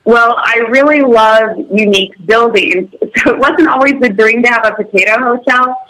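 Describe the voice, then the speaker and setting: A woman's voice: fairly high pitch, moderate pace, fairly bright tone, low-quality recording. A woman guest on a radio show, telling her story in an upbeat, chatty way. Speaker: guest, hotel owner. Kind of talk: radio interview.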